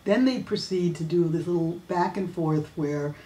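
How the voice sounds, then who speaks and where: A woman's voice: fairly low pitch, moderate pace, mellow. A woman hosting a weekly fan news videocast, talking casually and chattily with many fillers and restarts. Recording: roomy echo.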